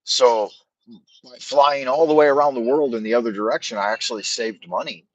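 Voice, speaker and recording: A man's voice: medium pitch, fairly quick, no room sound. A middle-aged man hosting a livestream, telling stories in a loose, rambling way, with lots of fillers, restarts and swearing. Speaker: livestream host. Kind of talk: casual rambling storytelling.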